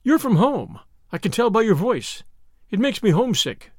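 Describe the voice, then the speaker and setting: A man's voice: extremely high pitch, wildly swooping pitch, moderate pace, vocal fry, a bit bright, no room sound, studio quality, voice pushed up, exaggerated voice. A man doing a pleading young woman. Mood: desperate. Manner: pleading, urgent.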